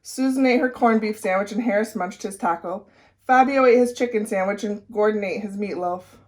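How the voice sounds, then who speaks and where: A woman's voice: mid-range voice, normal speed. Woman reading a story aloud to children. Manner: clear, expressive storytelling. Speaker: reading teacher. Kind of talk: guided read-aloud for children.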